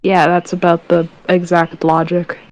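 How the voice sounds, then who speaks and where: A woman playing a tabletop game, describing things in a rambling, halting way full of restarts. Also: lowish voice, completely flat delivery, darkish tone, no echo, rough recording. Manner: rambling, halting, self-correcting. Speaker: player. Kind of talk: casual tabletop game chat.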